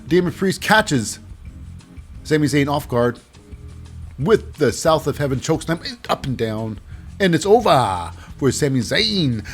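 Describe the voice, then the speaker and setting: A man giving a casual wrestling recap, animated, with hesitant fillers and silly voices. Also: medium pitch.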